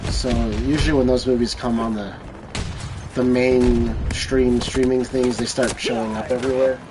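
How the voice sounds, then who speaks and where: A man's voice: medium pitch, little pitch movement, moderate pace. A man streaming a shooter game who rambles casually and swears freely between plays. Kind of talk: casual rambling chat while gaming. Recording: noisy, with game gunfire behind.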